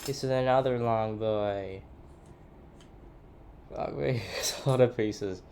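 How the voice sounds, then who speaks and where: Casting: young Australian man, slow and easygoing delivery, faint hiss behind. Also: medium pitch, a little mellow. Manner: muttering to himself, swearing, singing snatches. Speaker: streamer. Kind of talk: casual live-stream chat while building.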